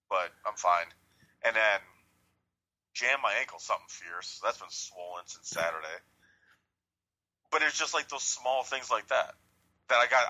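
A man's voice: fairly low pitch, bright, forceful tone, muffled recording. A man telling a rambling, profane, jokey story in casual chat.

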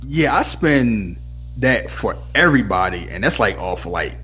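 A man with a husky voice chats casually on a podcast. His pitch rises and falls lively as he tells stories and drops into quick impressions. Faint music plays underneath. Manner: laid-back storytelling, drifts into mimicking others. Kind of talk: casual chat.

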